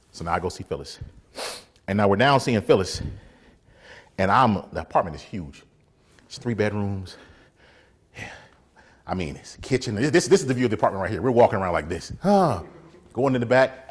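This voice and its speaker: A man preaching in a storytelling way, animated, acting out other people's voices and laughing often. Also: mid-range voice, fairly quick, breathy edge. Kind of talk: storytelling sermon.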